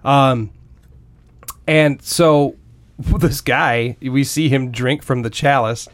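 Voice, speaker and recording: A man co-hosting a podcast, chatting casually and getting excited, laughing often as he talks. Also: takes it slowly. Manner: excitable, laughs often, pitch jumps when enthused. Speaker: podcast co-host. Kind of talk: casual chat.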